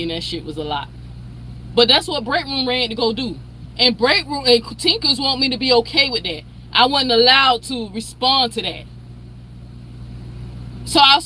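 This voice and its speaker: Her voice runs a little high, bright and forceful, with a faint hiss or hum in the recording. As a commentary channel host, she unleashes a heated, profane, confrontational personal rant, calling people out by repeating a name.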